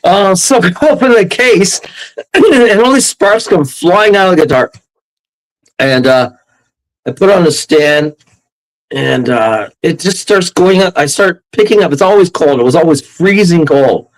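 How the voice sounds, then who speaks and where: A Canadian man telling a wild story as an interview guest, rambling and excitable, often breaking into laughs. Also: high-pitched, unhurried, low-quality recording.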